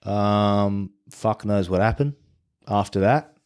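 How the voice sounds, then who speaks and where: A man's voice: lowish voice, slow, darkish tone, clear, resonant tone. A man who is a podcast guest tells his story in casual chat. He swears freely and often restarts his sentences.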